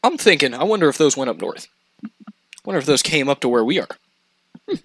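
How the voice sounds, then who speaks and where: Brief: young man, lively swooping storyteller with a slightly high, bright voice, dry close sound. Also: fairly quick, dry recording. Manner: animated, profane, laughs through the telling. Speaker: podcast storyteller. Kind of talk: casual storytelling chat.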